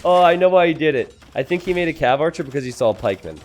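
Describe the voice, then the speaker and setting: A man giving casual strategy game commentary, excitable, laughing and exclaiming at players' blunders. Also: fairly high pitch, rapid-fire.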